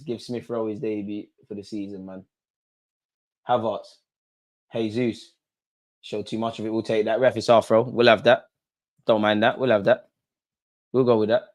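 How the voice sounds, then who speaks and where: A young man giving live, excitable fan commentary on a football match, shouting at the referee and dropping to low mutters. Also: moderate pace, long pauses. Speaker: fan channel host.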